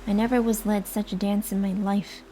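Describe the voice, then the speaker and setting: A woman's voice: mid-range voice, little pitch movement, moderate pace, mellow, a little hiss or hum, natural voice, low-quality recording. A woman voicing an angry, proud army colonel who blusters and scolds, as a whispered role-play. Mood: indignant. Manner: blustering, indignant.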